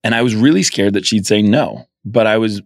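Low-voiced guy telling stories in an interview, does the voices, super dry mic. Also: fairly quick, gravelly, no room sound. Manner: animated storyteller, acts out quoted voices. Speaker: guest filmmaker. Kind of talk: casual interview storytelling.

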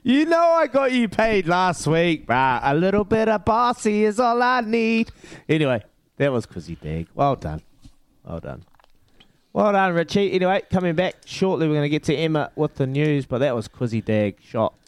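A man's voice: on the high side, very animated, moderate pace, clean tone, dry recording. A man hosting a radio phone-in quiz, bantering matily with callers. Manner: upbeat, matey banter with callers. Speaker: radio breakfast host.

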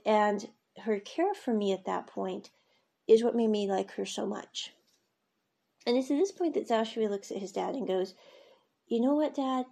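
A woman's voice: mid-range voice, gravelly, dark tone. A woman casually recapping a drama episode, retelling scenes in a chatty, rambling way with lots of fillers. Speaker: series recap reviewer.

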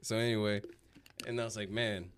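A man's voice: deep voice, expressive, brisk, a little hiss or hum. A man on a podcast casually telling a profane story, laughing and acting out the people in it. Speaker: podcast co-host.

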